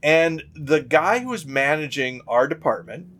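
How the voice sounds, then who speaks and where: Man, slightly high voice, casual podcast chat, animated storyteller, restarts. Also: unhurried. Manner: animated retelling with acted-out quotes, loose restarts. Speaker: podcast co-host.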